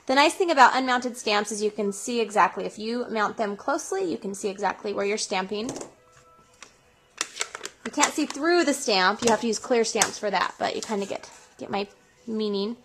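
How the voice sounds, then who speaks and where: A woman's voice: medium pitch, moderate pace, background noise. A woman hosting a craft tutorial, explaining each step as she goes. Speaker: craft show host.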